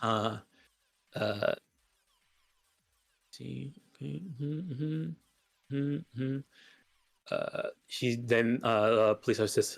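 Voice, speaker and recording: A man's voice: mid-range voice, slow, gravelly, pauses often, soft background music. A man narrating a tabletop game as game master, rambling, with many filler sounds.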